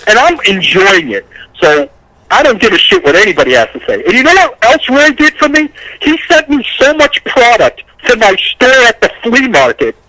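Casting: high-pitched man, rambling, stumbling over words, heartfelt casual chat. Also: big pitch swings, moderate pace, sharp tone, dry recording, rough recording. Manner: rambling, repeats words, gets emotional. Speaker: podcast co-host, agent.

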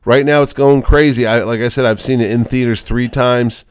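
Chatty man with a smooth voice. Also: mid-range voice, fairly even intonation, no room sound, clean studio sound. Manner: chatty, talks quickly with restarts. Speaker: podcast host, convention organizer. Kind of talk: casual movie chat.

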